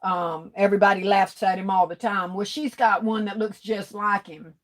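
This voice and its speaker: A woman's voice: medium pitch, steady tone, normal speed. A woman hosting a craft livestream, reading viewer comments aloud in a teasing, folksy way and laughing often.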